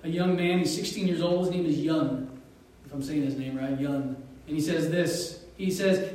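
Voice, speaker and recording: High-voiced pastor, echoey and distant. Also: male voice. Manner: storytelling, animated, with chuckles and pauses. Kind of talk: sermon. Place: church sanctuary.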